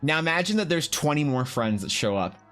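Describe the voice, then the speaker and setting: A streamer talks casually as he draws, rambling and cursing with lots of restarts. His voice sits on the high side, a bit bright, with big pitch swings and a brisk pace, and faint music plays behind.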